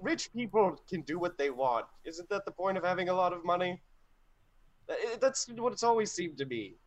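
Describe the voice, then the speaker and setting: Guy at a game table, kinda high voice, loud and jokey. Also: expressive, normal speed, lo-fi sound. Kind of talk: in-character table talk.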